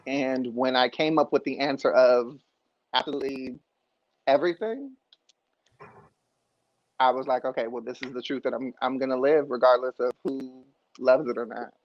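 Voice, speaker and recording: A man's voice: mid-range voice, moderate pace, long pauses. A man in a casual panel chat, speaking earnestly and thoughtfully. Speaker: podcast co-host. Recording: dry, dull lo-fi sound.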